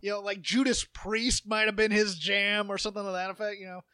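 Podcast co-host, male, high and bright, rambling storyteller, dry close mic. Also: brisk, smooth, dry recording. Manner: rambling, animated storytelling with impressions. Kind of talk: casual chat.

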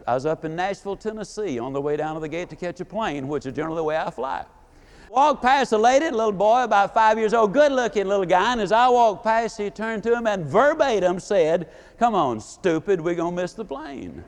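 A man's voice: sits high, lively intonation, a little fast. A man giving a live motivational speech, telling folksy stories and putting questions to his audience. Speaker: motivational speaker.

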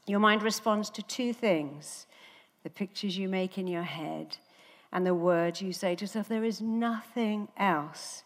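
A woman, a therapist, giving a motivational stage talk, telling stories with animated, acted-out voices. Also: medium pitch, a little slow. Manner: animated storytelling, acting out quoted voices. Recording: reverberant hall.

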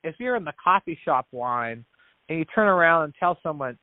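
A man speaks as a podcast guest, earnestly narrating a story and slipping into the voices of the people in it, often restarting words as he goes. His voice sits a little high for a man. The audio comes through a narrow, tinny, phone-like line with a completely dry sound. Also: expressive, brisk, no room sound. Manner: earnest storyteller who acts out quoted dialogue; frequent restarts and repeated words. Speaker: podcast guest, business founder. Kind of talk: storytelling in an interview.

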